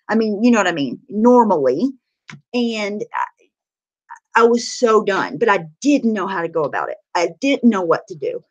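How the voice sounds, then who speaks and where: A woman's voice: medium pitch, expressive, normal speed. A woman livestreaming to her chat. She talks candidly about her own life, swears freely and uses lots of fillers. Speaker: livestreamer sharing her recovery story. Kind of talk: casual livestream talk answering chat.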